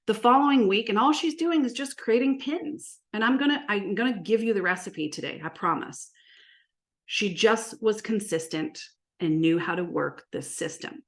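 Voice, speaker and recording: A woman who works as a marketing coach, giving an energetic, animated presentation full of stories and rhetorical questions. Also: medium pitch. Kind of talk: presentation to an audience.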